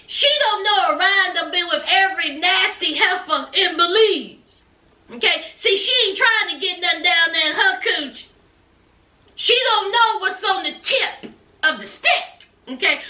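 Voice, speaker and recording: Sassy high-voiced woman recapping gossip. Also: sharp tone, reverberant, far from the mic. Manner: sassy, dramatic, laughs often, acts out quotes. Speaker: reality TV recap host. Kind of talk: casual comedic recap.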